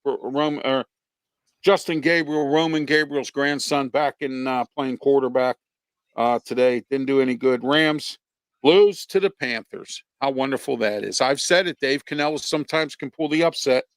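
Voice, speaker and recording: A man's voice: mid-range voice, moderate pace, no echo. Blunt rambling sports show host, man. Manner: blunt, rambling, many fillers. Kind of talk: casual sports talk.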